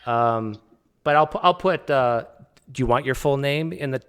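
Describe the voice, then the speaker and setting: Canadian guy hosting a livestream, relaxed, friendly, normal pitch. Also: normal speed, clear, resonant tone. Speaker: host. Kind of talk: casual live-stream chat.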